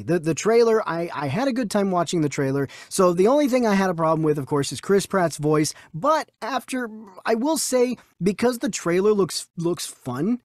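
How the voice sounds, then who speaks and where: A man co-hosting a casual movie news podcast, talking in an animated way with frequent restarts. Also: high-pitched, dry recording, clean studio sound. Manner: animated, many restarts and quoted voices. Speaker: podcast co-host.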